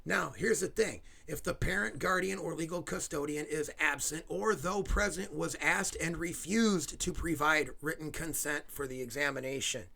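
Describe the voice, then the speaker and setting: A man's voice: a little high, steady tone, normal speed, gravelly, few pauses, sharp tone. A man hosting his own video, ranting angrily with sarcastic asides and swearing. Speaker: video host. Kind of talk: angry ranting commentary.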